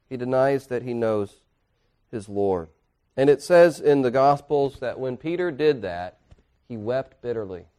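A man pastor preaching a sermon in church, earnestly, dropping to quiet asides and rising to emphatic points. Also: mid-range voice. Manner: earnest preaching, swinging between hushed and emphatic.

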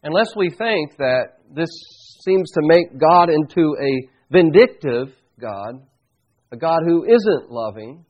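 A man preaching a sermon in an earnest, reflective way, his voice pitched a little high. He slows down to lean on key phrases. The recording sounds dull and lo-fi. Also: animated. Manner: earnest, reflective preaching with slow emphatic stresses. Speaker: pastor.

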